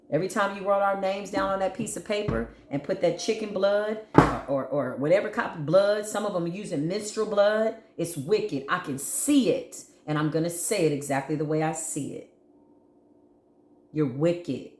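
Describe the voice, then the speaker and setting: A woman giving an intense tarot reading, fiery, scolding and preachy. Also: fairly low pitch. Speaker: spiritual tarot reader. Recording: roomy echo.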